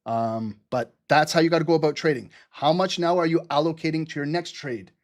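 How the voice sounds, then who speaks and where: Hype trading-stream host, a man with a slightly high voice, quick, loose and profane. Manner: excited, fast-talking, laughs often, swears casually. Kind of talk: live trading commentary.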